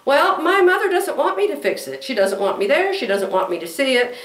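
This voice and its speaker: A woman in her sixties talks casually to her viewers, wandering from one thought to the next with frequent laughs. Her voice sits a little high. The room around her is noticeably echoey. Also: sing-song, a little fast, fairly bright tone. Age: 60s. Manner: chatty, rambling, laughs often. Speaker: vlogger. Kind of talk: casual chat to camera.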